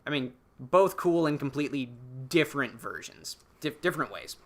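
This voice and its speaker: A man's voice: a little high, lively intonation, moderate pace, fairly bright tone, slight background noise. A young man on a podcast, recapping a film in a rambling, casual way, swearing freely. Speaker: podcast co-host.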